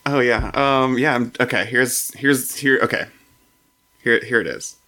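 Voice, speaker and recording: Bright-voiced laughing male game master. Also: medium pitch, steady tone, slight background noise. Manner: laughing, self-deprecating, halting fillers. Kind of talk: narrating a tabletop game.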